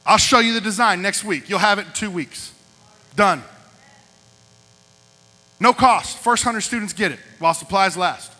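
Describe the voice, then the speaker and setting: A man's voice: sits high, measured pace, pauses often, pushed and bright. A man preaching as youth pastor, punchy and repetitive, directing a group in a large hall. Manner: punchy, repeats short lines. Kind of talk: youth service sermon. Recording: echoey hall with mains hum.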